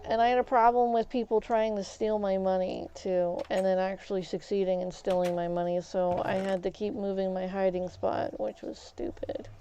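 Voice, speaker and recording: A woman's voice: mid-range voice, little pitch movement, normal speed, few pauses, mellow, highs cut off, slight background noise. A woman live streamer rambling through a casual story while gaming, with many fillers and restarts.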